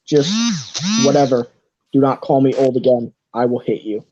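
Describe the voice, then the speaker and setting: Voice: mid-range voice, steady tone, normal speed, dark tone, lo-fi sound, close to an everyday voice. A game master voicing an irritable old male tiefling wagon driver who makes short, threatening replies. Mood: irritated.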